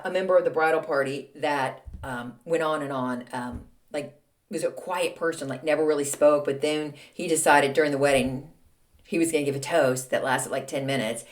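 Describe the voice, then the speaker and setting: A middle-aged woman, hosting a casual solo podcast with snarky, chatty, exasperated rants and quick asides. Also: fairly low pitch. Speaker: podcast host.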